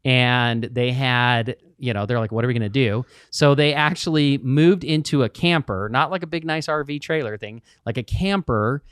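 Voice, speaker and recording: A man co-hosting a casual business podcast, telling a client's story with lively quoted asides. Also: mid-range voice, normal speed, hardly any pauses, clean tone, no echo, studio quality. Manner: storytelling, animated retelling of quotes. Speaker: podcast co-host.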